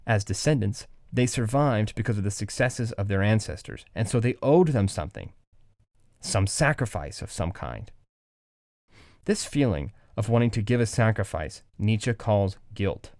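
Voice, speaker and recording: A man with a fairly low voice talks through a philosophy lesson in a loose, animated podcast style. He acts out little voices and asides along the way. The sound is dry and close, with no room around him. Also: normal speed, no room sound. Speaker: podcast host. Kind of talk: conversational philosophy lecture.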